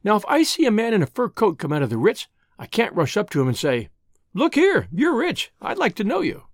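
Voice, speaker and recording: A spirited young woman full of schemes, as an audiobook reader puts her on, talking in a brisk, teasing way. Her voice swings lively up and down. The sound is dry and close. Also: mid-range voice, dry recording, close to an everyday voice. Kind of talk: audiobook reading.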